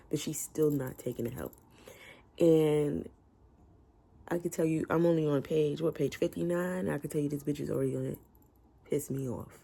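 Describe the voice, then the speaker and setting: A man's voice: a little high, vocal fry, warm tone. A man giving a casual, emotional book review from home, talking candidly with slang. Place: room at home with window open.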